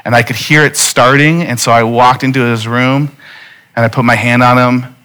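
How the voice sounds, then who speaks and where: A man in his thirties preaches a sermon in a mid-pitched voice. He speaks earnestly and conversationally and turns often to his listeners with direct appeals. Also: steady tone, normal speed, sharp tone, smooth. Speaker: pastor.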